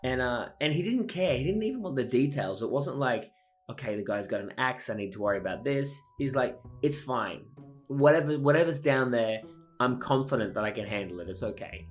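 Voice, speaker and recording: A man's voice: mid-range voice, animated, fairly quick. Guy on a podcast telling family stories, laughs a lot, faint music under it. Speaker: podcast co-host. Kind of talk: casual storytelling chat.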